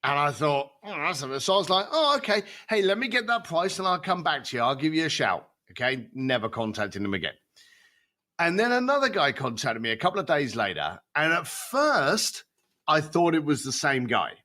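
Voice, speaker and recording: A man's voice: on the high side, big pitch swings, moderate pace, sharp tone. A man as a podcast guest, telling stories with animation and acting out the voices of people he quotes. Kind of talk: storytelling in a podcast interview.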